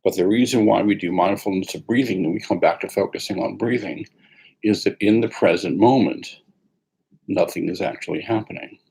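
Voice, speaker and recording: A man teaching mindfulness meditation in a calm, unhurried way, pausing often as he guides the practice. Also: fairly low pitch, creaky, slightly rough, low-quality recording.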